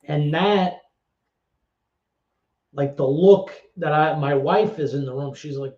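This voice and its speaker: A middle-aged man tells a candid story as an interview guest, blunt and swearing, with halting repetitions. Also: a little high, dark tone. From New York. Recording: roomy, dull lo-fi sound.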